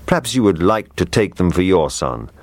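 Courteous gentleman, deep voice, dry close sound, read by a man. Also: very animated, moderate pace, no echo. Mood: kindly. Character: polite gentleman giving away toys.

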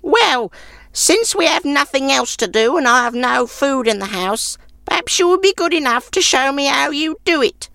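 A man putting on a sour, shrill old woman. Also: lively intonation, normal speed, creaky, pushed and bright, no room sound, studio quality, soft background music, exaggerated voice. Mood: grudgingly curious. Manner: snappish, scornful. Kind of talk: storybook character voice.

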